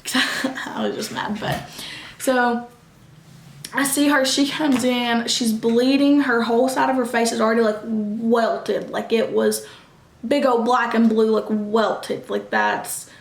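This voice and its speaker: A young woman, telling a casual storytime vlog, animated and quick, acting out what others said. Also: on the high side, vocal fry. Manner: animated, quick bursts, acts out quoted voices. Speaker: vlogger. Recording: echoey room.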